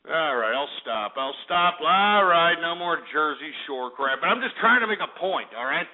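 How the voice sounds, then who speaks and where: A man's voice: a little high, lively intonation, normal speed, few pauses. A male radio host ranting angrily and with plenty of swearing, talk-radio style, heard over a tinny phone-like line. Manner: angry, profane, ranting.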